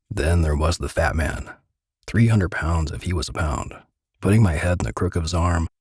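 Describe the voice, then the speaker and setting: Man, dramatic story reading, gritty measured narration, husky voice, dry sound. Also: rumbling low, no echo.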